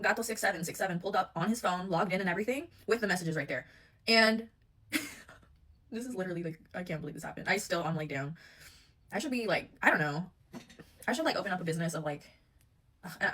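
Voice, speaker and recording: A woman's voice: fairly low pitch, brisk. A young woman telling a personal story in a casual vlog, rambling and swearing, with many fillers, acting out both sides of an argument. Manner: rambling, profane, animated retelling with many fillers; acts out both sides of the argument in quoted voices.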